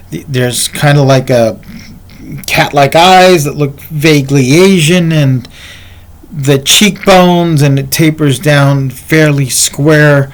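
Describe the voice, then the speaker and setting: A man telling a personal story in a casual, rambling way, speaking to the viewer in asides, as a martial arts instructor. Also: medium pitch.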